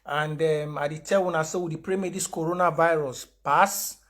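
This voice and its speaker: A man with a Cameroonian Pidgin English accent speaks to followers over a livestream, his voice sitting high. He drives his points home with emphatic, repeated declarations, sliding between pidgin and English with plenty of fillers. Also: steady tone, moderate pace, fairly bright tone. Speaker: activist host of an online broadcast.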